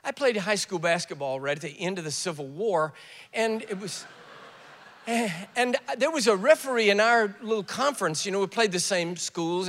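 A man's voice: sits high, fairly bright tone. An older man preaching a sermon, telling stories and putting on voices for quoted speakers, with joking asides. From US South. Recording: echoey hall.

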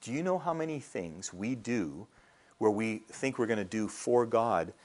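A man's voice: on the low side, animated, unhurried, a little mellow. A middle-aged male pastor preaching a sermon in a conversational way, often checking in with the congregation. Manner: conversational preaching with frequent "all right?" check-ins.

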